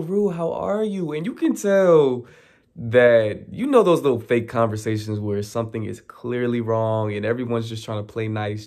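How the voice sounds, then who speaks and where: A man casually recapping a TV episode, lively and quick to mimic the characters' lines. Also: fairly low pitch, vocal fry. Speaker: recap vlogger.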